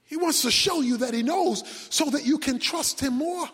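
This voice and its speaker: A man preaching a sermon as pastor, swinging from loud shouts down to near-whispers. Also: extremely high pitch, normal speed. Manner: preaching with sudden shouts and drops to a hush. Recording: long hall reverb.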